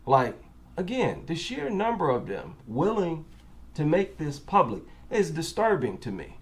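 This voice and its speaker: A man's voice: fairly high pitch, huge pitch swings, unhurried. A man with an African American accent giving reaction commentary, incredulous and asking rhetorical questions.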